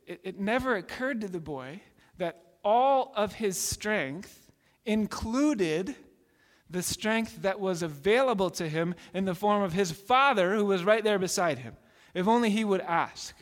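Pastor guy giving a sermon, kinda high voice, earnest storytelling, lots of restarts, echoing hall. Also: measured pace.

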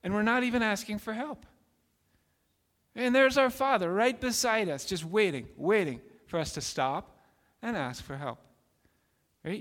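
A man's voice: a little high, a bit bright, long reverb tail. A man preaching a sermon as a pastor, telling a story in an earnest way that repeats itself and often restarts.

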